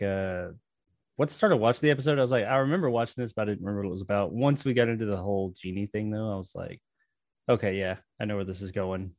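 A man's voice: fairly low pitch, no echo, clean studio sound. A man from the American South, hosting a casual podcast chat and rambling along with jokes. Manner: joking, rambling. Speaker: podcast host.

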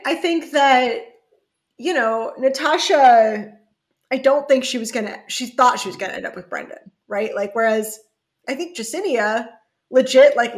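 Woman, podcast co-host, somewhat high voice, animated, profane, acts out quotes. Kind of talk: casual chat.

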